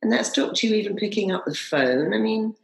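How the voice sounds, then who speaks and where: A woman's voice: mid-range voice, animated, brisk, gravelly, roomy sound, rough recording. A woman who trains hypnotherapists, telling stories emphatically in an interview and acting out inner voices. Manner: emphatic, acts out inner voices, repeats slogans. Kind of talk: animated interview storytelling.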